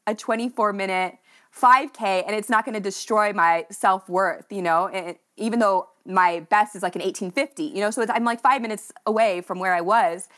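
A young woman opens up in an interview, her voice at a middle pitch for a woman. She talks in a heartfelt, emotional way, with "like" and "you know" scattered through every sentence. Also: normal speed, fairly bright tone. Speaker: podcast guest, runner.

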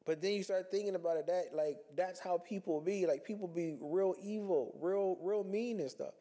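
A man's voice: high-pitched, normal speed, mellow. A man talking earnestly in a reflective personal monologue, conversational and repeating himself as he works through his thoughts.

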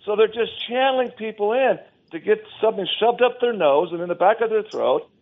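A man's voice: high-pitched, a little fast. A man talking emphatically and scornfully as a guest on a talk show, often restarting his sentences, heard over a phone line.

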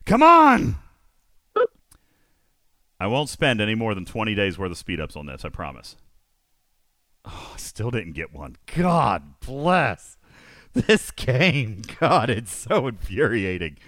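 This livestream host's voice sits on the low side and moves a little slowly, captured in a dry recording. He reads his chat out loud, animated and exasperated by what he sees.

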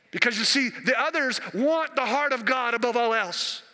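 A man's voice: high-pitched, fairly quick, few pauses. A man in his sixties, a senior pastor preaching a sermon in a church, telling stories with impassioned, rising delivery. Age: 60s. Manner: impassioned, storytelling, rising to near-shouted peaks. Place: church sanctuary. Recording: long reverb of a church hall.

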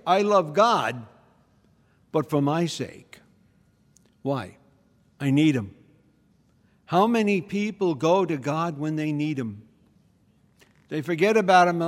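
A man with a slightly high voice preaches a teaching homily in a church. He talks conversationally and keeps checking in with the audience. Long reverb from the hall trails his words. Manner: conversational, checks in with the audience by asking "okay?" and "hmm?".

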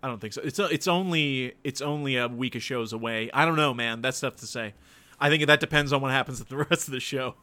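A man casually commenting on a wrestling show with a friend, relaxed, with dry jokes and trailing asides. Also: mid-range voice, fast. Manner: relaxed, laid-back, mumbles and restarts, dry jokes.

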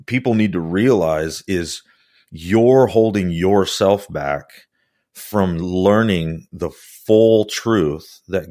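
A man with a very low voice speaks slowly and earnestly, weighing each phrase in a relaxed podcast discussion. The recording is dry and close. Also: no room sound. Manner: slow, deliberate, earnest.

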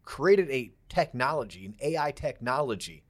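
A man's voice: mid-range voice, very animated, moderate pace. A man co-hosting a podcast, chatting casually and enthusiastically about his news and business plans. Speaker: podcast co-host.

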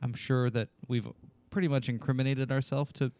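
A man's voice: mid-range voice, little pitch movement, fairly quick, darkish tone, no echo. Rambling self-mocking podcast co-host man. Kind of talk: casual podcast chat.

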